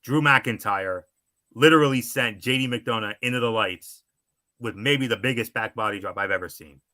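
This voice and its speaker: Male co-host, wrestling recap podcast, bright and forceful tone, filler-heavy delivery. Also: medium pitch, moderate pace, dry recording. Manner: chatty, with frequent fillers and restarts. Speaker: wrestling show co-host and analyst.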